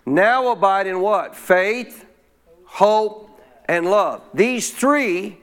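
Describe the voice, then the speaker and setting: Pastor guy preaching, kinda high voice, keeps asking the church to answer back. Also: expressive, drawn-out words, fairly bright tone, clear, resonant tone. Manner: call-and-response preaching, asks congregation questions. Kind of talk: sermon.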